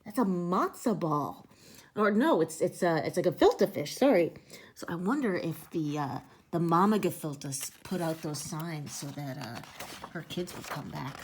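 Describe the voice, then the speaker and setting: A woman's voice: sits low, animated, moderate pace. A woman reading a picture book aloud and chatting about the pages, explaining words as she goes. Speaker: storybook reader.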